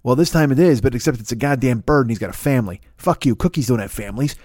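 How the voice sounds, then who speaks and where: A man hosting a long-running podcast talks through an absurd comic rant, cursing constantly and tripping over his own restarts. His voice sits at a middling pitch. The sound is dry and close, with no room echo. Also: quick pace, a little mellow. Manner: profane, digressive, frequent restarts and stammers. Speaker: podcast host. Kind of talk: rambling comedic monologue.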